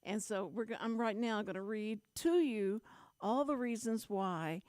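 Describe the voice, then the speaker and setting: A middle-aged Texan woman hosts a community radio show, wandering through her stories and restarting sentences as she goes. Her voice sits at an ordinary pitch for a woman. It is recorded dry and close, with no room sound. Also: unhurried, a little mellow, no room sound. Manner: rambling, restarts often, storytelling. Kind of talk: casual on-air chat. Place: radio studio.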